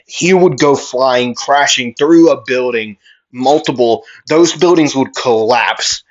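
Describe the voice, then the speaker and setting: A man spins an improvised fan story at an unhurried pace. He rambles and restarts often, filling gaps with "like" and "uh". The recording sounds a little dull and lo-fi. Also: mid-range voice. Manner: rambling, with many fillers and restarts.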